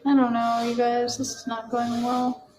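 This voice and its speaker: Woman, fairly high voice, casual livestream cooking chat, self-mocking, reads comments aloud. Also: completely flat delivery, normal speed, darkish tone, low-quality recording.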